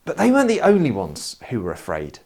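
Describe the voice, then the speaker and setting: A man preaching a sermon, telling stories in an expressive, wry manner. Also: medium pitch, a little fast, gravelly. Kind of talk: sermon with personal storytelling.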